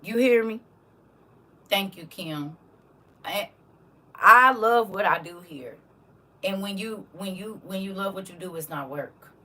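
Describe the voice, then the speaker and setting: An online Bible teacher talks unhurriedly on a livestream, leaving long pauses, her mid-range voice pushed and bright and captured from a distance. Chatting casually and reading viewer comments, she drives points home emphatically through repetition and keeps asking "you hear me?"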